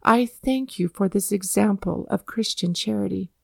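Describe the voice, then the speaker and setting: Woman reading a serious old-time general, formal, a little gravelly. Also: mid-range voice, normal speed, no room sound, studio quality. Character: grave, dignified male general.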